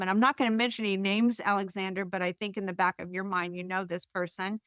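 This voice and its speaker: An author appears as a guest in a casual interview, telling personal stories chattily with lots of restarts and fillers. Her medium-pitched, slightly bright voice stays level and moves quickly with hardly any pauses, recorded in clean studio sound with no echo.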